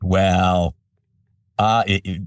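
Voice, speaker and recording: An older man, a voice-over artist, telling animated stories in a casual interview. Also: low-pitched, drawn-out words, no room sound, studio quality, far from the mic.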